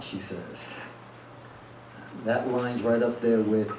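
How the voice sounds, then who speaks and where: At a live reading series, a blunt, plain-spoken man reads a first-person story aloud at the event venue. His lowish voice is mellow and unhurried, with frequent pauses. The recording comes from a distant mic in an echoey room, with noise.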